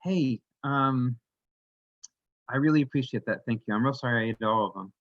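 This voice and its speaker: A man's voice: medium pitch, normal speed, no echo, lo-fi sound, natural voice. A man voicing a small, polite female fairy who is easily upset, in a fussy, plaintive way during a spoken story. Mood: aggrieved.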